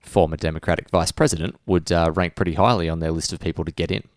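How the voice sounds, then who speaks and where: A young man with an Australian accent talks casually on a podcast, wandering through his stories with lots of "um"s and "you know"s. His voice sits very low, and the recording is close and dry. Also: steady tone, fast talker, dry recording. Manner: rambling storyteller, frequent fillers. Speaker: podcast co-host. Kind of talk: casual chat.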